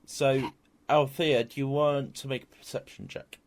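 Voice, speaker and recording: A man narrates a tabletop game as its game master, mid-pitched and plain-voiced. He stalls on fillers and repeats words while he thinks. The sound is dry, with no room around it. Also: fairly even intonation, normal speed, creaky, no room sound.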